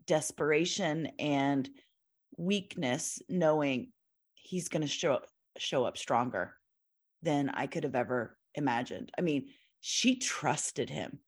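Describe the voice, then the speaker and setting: A woman's voice: low-pitched, takes it slowly, breathy edge. A woman guest on a podcast, talking earnestly about scripture and leaning on her key words. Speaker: Bible teacher guest. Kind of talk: reflective faith discussion.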